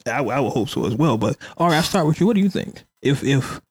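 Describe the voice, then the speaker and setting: A podcast host with a husky, medium-pitched voice talks fast and very animatedly in a casual hip hop news chat. He's chatty and hedges constantly, pausing often to say "allegedly."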